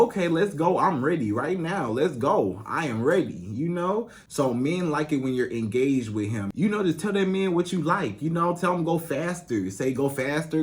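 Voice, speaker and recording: A man's voice: a little high, a little mellow. A man working as a relationship coach, giving casual advice straight to his female viewers in a loose, chatty way full of "you know". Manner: addresses female viewers directly. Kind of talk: casual advice monologue to camera.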